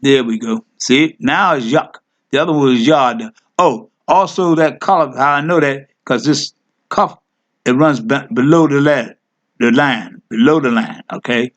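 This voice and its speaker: A man's voice: medium pitch, a little slow. A man teaching a Hebrew word lesson, thinking aloud as he clicks through his screen, correcting himself and coaxing his listeners along. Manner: addresses listeners as family. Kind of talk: informal screen-share lesson.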